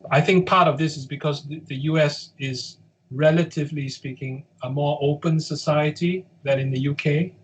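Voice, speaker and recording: A man from the UK, a guest on an interview, speaking in a measured way and hedging with qualifiers and fillers. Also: fairly high pitch, steady tone, rough recording. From United Kingdom. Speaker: guest, head of a survivor support group.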